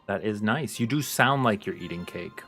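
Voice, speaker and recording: A man's voice: fairly low pitch, animated, normal speed, fairly bright tone, faint music behind. A man streaming a game, chatting casually with a friend in a dry, blunt, teasing way. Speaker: streamer playing a monster-hunting game. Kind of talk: casual livestream chat.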